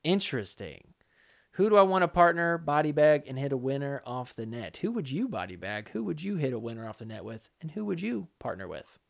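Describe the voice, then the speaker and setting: A man's voice: medium pitch, sing-song, fairly quick, gravelly. A man hosting a solo pickleball commentary podcast, talking casually and joking around. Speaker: podcast host.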